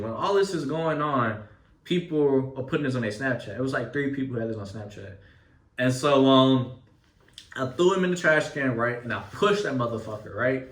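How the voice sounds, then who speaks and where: Telling a story casually, a young man speaks loosely and with energy, full of profanity and street slang. His mid-range voice comes across as far off because he sits away from the microphone, and the space around him echoes.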